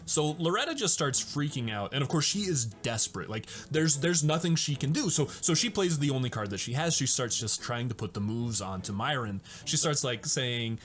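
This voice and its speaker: A man's voice: mid-range voice, animated, moderate pace, few pauses, a bit bright. Chatty enthusiastic man recapping a movie. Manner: enthusiastic and chatty, laughs often. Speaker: host of a movie breakdown show.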